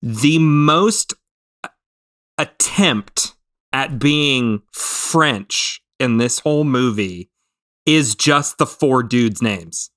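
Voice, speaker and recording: A man's voice: mid-range voice, animated, drawn-out words, fairly bright tone. A man co-hosting a film review podcast, chatting casually and hesitantly as he works through his opinions. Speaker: podcast co-host.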